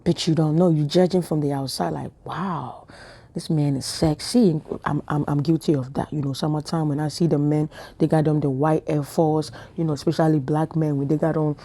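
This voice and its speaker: A woman with a low-pitched, warm voice speaks fairly quickly with few pauses and a level tone, giving a casual spiritual talk to camera. She tells chatty stories, laughing and slipping in whispered asides.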